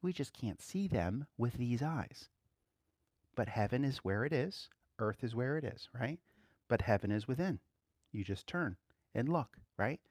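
A man preaching an informal sermon to a class, conversational and quick to laugh, swinging from emphatic outbursts to quiet asides. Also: mid-range voice, animated, no room sound, studio quality.

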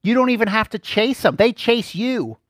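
A man preaching a sermon in an animated, playful way, often laughing between points. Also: sits high, normal speed, no echo, clean studio sound.

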